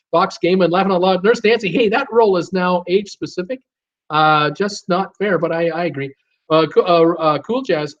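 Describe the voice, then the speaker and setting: A chatty man hosts a live stream, reading out viewer comments one after another and riffing on them with jokes and frequent fillers. His voice sits fairly high for a man. The audio is dull and lo-fi. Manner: reads viewer comments aloud and responds chattily; jokey, lots of uh fillers. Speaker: host.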